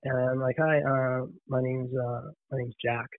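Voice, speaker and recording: A man telling a story in casual conversation, animated, often restarting and repeating words. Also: mid-range voice, a little slow, no room sound. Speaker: podcast guest. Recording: tinny phone-line sound.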